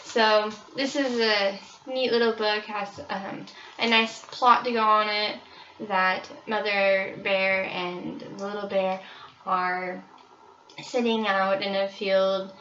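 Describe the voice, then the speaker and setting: Bright-voiced young woman presenting books. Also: medium pitch, steady tone, takes it slowly, distant mic, a little hiss or hum. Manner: casual, with frequent ums. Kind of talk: book review presentation. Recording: roomy, slightly dull recording.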